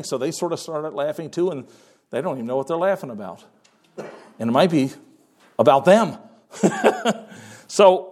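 A man preaching a sermon in a conversational way, pausing and repeating words as he goes. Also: fairly high pitch.

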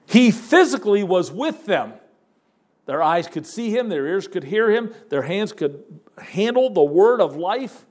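A male preacher delivering a sermon in a fairly high voice. He speaks emphatically and folksily, calling his listeners folks, pausing and repeating words as he builds each point. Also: sing-song, a little mellow.

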